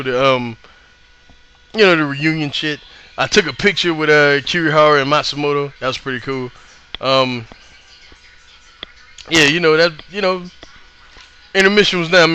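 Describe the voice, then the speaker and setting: Young guy, bright tone, hoarse from yelling, laughing, rambling vlog recap. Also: fairly high pitch. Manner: excitable, laughs often, lots of fillers and curse words. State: voice worn from yelling. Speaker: vlogger recapping a live wrestling show.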